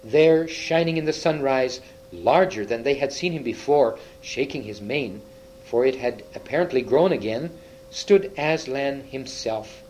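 A man's voice: medium pitch, animated, a little slow, a little mellow, slight background noise, rough recording. A man reading a children's fantasy book aloud, with small slips and restarts. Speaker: reader.

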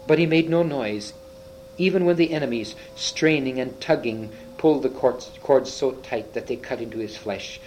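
A man reading a children's fantasy story aloud, slowly and a little haltingly, with small slips and restarts. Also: medium pitch, darkish tone, slight background noise, poor audio. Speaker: reader.

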